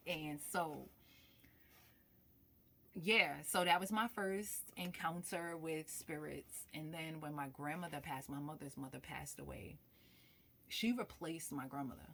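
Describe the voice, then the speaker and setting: A young adult woman talks frankly about her spiritual practice in a casual, animated way. Her voice sits low for a woman but sounds bright and forceful. She sometimes sinks to a near-whisper when she remembers. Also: gravelly, slight background noise. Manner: candid, animated, drops to hushed tones when reminiscing. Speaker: spiritual reader.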